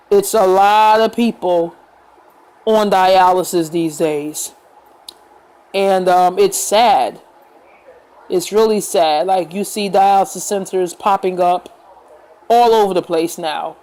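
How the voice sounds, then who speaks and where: A woman vlogger talking to the camera in a casual, earnest and reassuring way, unhurried, with fillers and pauses. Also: medium pitch, a little mellow, rough recording.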